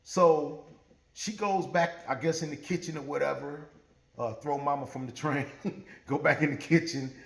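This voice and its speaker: A man's voice: a little high, normal speed, vocal fry. A man telling a true story in a casual, profane, laughing way, with roomy echo. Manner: profane, animated, laughing often.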